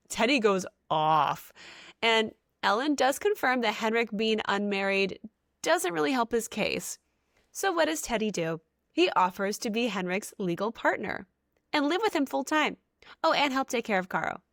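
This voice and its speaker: A woman co-hosting a casual book podcast, recapping scenes in an animated, giggly way. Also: medium pitch, moderate pace, no room sound, clean studio sound. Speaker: podcast co-host.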